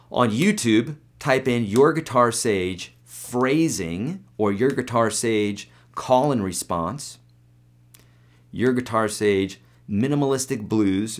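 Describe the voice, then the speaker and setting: A man teaching guitar on a live webcast, reading out viewer questions and answering them in a loose, chatty way. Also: lowish voice.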